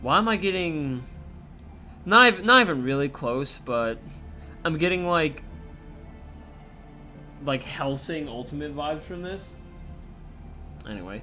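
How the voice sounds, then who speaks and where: Casual let's play host, man, bright, lively asides, faint game music behind. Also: on the high side, slow, pauses often. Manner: offhand, joking, mutters asides.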